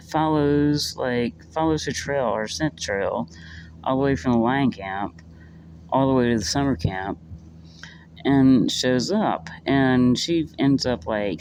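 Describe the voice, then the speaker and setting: A man talking through a book review in a loose, rambling way, full of "like" and "um" and quick to swear. His voice sits at an ordinary middle pitch. A steady hiss of background noise runs under the recording. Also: low-quality recording. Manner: rambling, filler-heavy, swears freely, gets worked up. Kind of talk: casual spoken book review.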